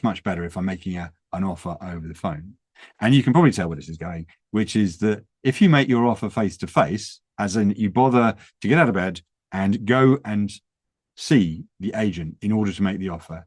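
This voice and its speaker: In a studio-quality recording with no room sound, a man with a low, darkish voice gives practical advice on a podcast. A property investment educator, he explains things conversationally and poses rhetorical questions.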